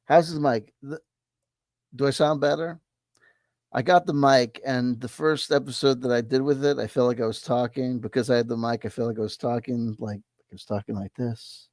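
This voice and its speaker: A man's voice: medium pitch, fairly even intonation, moderate pace, a little mellow, no room sound. A man giving blunt, rambling commentary on a video he reacts to, with many restarts. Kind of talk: casual opinionated commentary.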